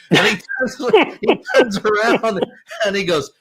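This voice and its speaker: A man's voice: sits high, sing-song, measured pace, fairly bright tone, breathy edge. A man who is a White House correspondent, speaking as a guest in a podcast interview, blunt and emphatic, telling stories and swearing for emphasis.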